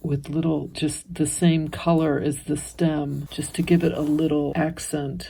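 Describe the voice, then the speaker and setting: A middle-aged woman hosting a casual embroidery tutorial, chatting gently and thinking aloud as she demonstrates each stitch. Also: low voice, moderate pace, creaky, hardly any pauses, breathy edge. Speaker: embroidery teacher and channel host. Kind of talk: casual step-by-step craft tutorial.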